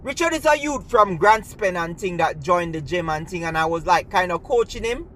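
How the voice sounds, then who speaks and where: A man with a Jamaican accent, a storyteller and gymnastics coach, tells a personal story in a chatty way, mixing in patois and often asking "you see me?" His voice is high-pitched, expressive and bright, with a forceful tone at a normal speed. There's slight background noise.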